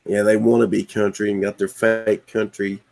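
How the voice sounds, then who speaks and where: A man's voice: on the low side, level tone, normal speed, gravelly, darkish tone. Southern male stream host, Tennessee drawl, dry laid-back storyteller. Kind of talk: casual chat on a live stream.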